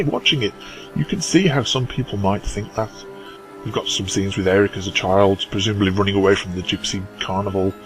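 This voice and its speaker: A man's voice: on the low side, low-quality recording. A man hosting a film review, talking with dry, wry asides. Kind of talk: comedic review talk.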